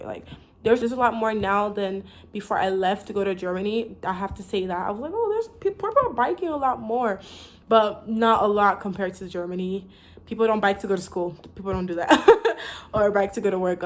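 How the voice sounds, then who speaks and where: A young woman with an American accent chats to her camera in a loose, rambling way. She fills her talk with likes and false starts and laughs easily. Her voice sits at an ordinary middle pitch. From United States. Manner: chatty and rambling, with many likes and restarts, laughs often. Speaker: vlogger.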